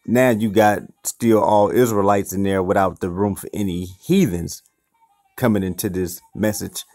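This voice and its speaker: A man with a fairly low voice and a gritty, creaky edge teaches an informal Bible study. He works through each word, repeats and restarts his phrases, and keeps checking in with the listener. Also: moderate pace, darkish tone, faint music behind. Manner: checks in with the listener with "okay" and "you see".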